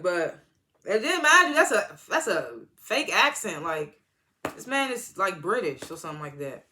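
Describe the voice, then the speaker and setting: A man's voice: high-pitched, sing-song, measured pace, sharp tone. A man giving a casual, rambling, slangy recap of a TV episode as a reviewer. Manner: rambling slangy retelling with acted-out quotes. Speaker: TV show reviewer.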